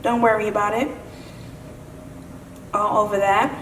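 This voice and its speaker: A woman chatting to camera while she cooks and eats in her home kitchen, savoring the food with long drawn-out hums. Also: mid-range voice, steady tone, a bit bright, echoey room, distant mic, a little hiss or hum, rough recording. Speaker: lifestyle vlogger. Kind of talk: casual chat to camera while cooking.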